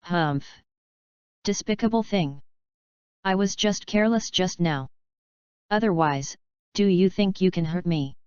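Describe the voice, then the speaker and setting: A woman's voice: on the low side, unhurried, pauses often, darkish tone, smooth, no echo, dull audio, natural voice. A woman voicing an arrogant, scornful boy heir of a noble clan. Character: haughty boy heir of the main family.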